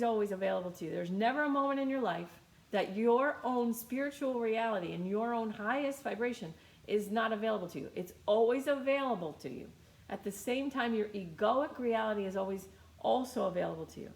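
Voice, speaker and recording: A woman's voice: a little high, brisk, creaky, darkish tone, reverberant. A woman teaching a guided meditation in a casual, chatty way, often repeating her phrases.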